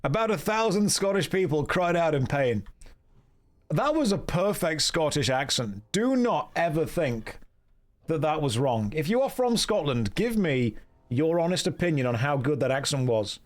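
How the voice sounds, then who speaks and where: A man's voice: a little high, very animated, normal speed. A man chatting playfully while streaming a game, joking and reading viewer comments aloud. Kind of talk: casual live-stream chat.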